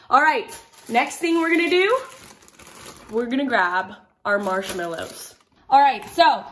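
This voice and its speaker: A bubbly young woman leads a cooking demo for children with a fairly high voice. She jokes and teases and talks straight to the kids watching at home. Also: a little hiss or hum. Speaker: children's ministry cooking host.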